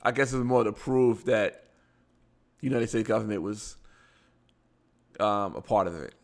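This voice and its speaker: A man's voice: fairly low pitch, normal speed, gravelly. A man with a Baltimore accent, hosting a live show, reading news aloud with stumbles and blunt asides. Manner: reads articles aloud, stumbling over words and adding blunt asides.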